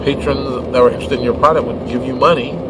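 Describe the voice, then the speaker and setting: A man hosting a casual monologue, animated and exasperated, acting out quick mock dialogues while recording outdoors near traffic. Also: medium pitch. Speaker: podcast host and game publisher.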